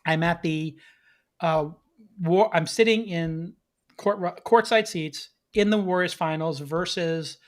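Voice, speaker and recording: A man hosting a podcast, telling a casual story in an animated way, laughing now and then. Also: fairly high pitch, slow. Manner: animated, laughs between lines. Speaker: podcast host.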